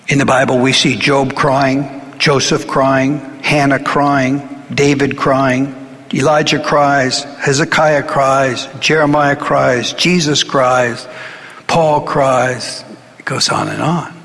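A man's voice: mid-range voice, a bit bright. Earnest preaching man in an echoing hall. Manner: earnest, conversational preaching with frequent restarts and rising emphasis. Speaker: pastor. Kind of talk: sermon.

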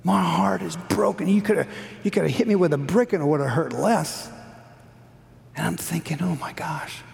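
A middle-aged man preaching a sermon, telling a story earnestly, rising high and dropping to a hush. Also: moderate pace, creaky. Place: church hall. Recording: long hall reverb.

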